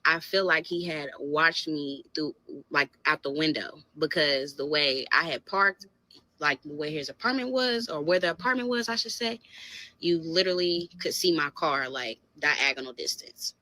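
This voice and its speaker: A woman casually telling a dating story in an animated, conversational way. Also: deep voice, normal speed, no room sound.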